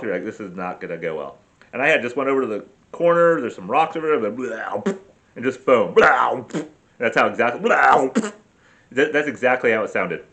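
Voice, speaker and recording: Man, mid pitch, casual vlog, rambling, swears a lot, self-deprecating. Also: fairly bright tone. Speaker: vlogger.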